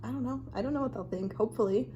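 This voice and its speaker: A woman chatting casually and reflectively in her bathroom while drawing oracle cards, often dropping to a hushed voice. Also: a little high, rapid-fire, lo-fi sound, slight background noise. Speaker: vlogger reading oracle cards. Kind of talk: casual rambling chat. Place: home bathroom.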